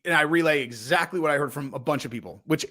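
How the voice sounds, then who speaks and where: A man's voice: on the high side, fast, pushed and bright. A young man hosting his own vlog, telling a rambling, heated, profane story with lots of fillers. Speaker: channel host. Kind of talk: ranting casual vlog.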